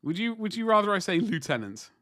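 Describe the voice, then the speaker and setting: A man's voice: sits high, very animated, fast, sharp tone, dry recording, studio quality. A man in his forties chatting casually on a livestream while painting miniatures, rambling and self-deprecating as he answers chat. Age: 40s.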